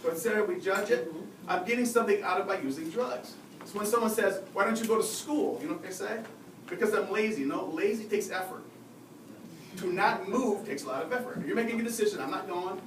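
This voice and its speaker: A man giving a live seminar on behavior, lively and often asking the audience questions. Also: high-pitched. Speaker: behavior and communication expert giving a talk. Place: lecture room at a faculty club. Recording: roomy, distant mic with audible noise.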